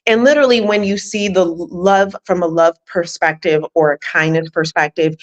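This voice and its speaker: A woman's voice: on the low side, fairly even intonation, normal speed, hardly any pauses. A woman hosting an interview as a life coach, encouraging and reflective, speaking straight to her listeners. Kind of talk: conversational interview.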